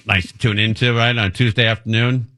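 A man's voice: fairly low pitch, steady tone, fast talker, sharp tone. A middle-aged man hosting a radio show, joking and laughing at himself. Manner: self-mocking, jokey, laughs often. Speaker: radio host. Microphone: studio mic.

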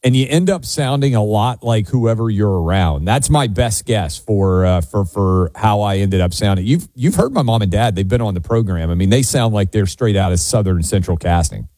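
A man's voice: fairly low pitch, animated, normal speed, few pauses, warm tone, no echo. A man from Tennessee co-hosting a talk radio show, chatting in an easygoing way without a regional accent. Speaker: radio co-host.

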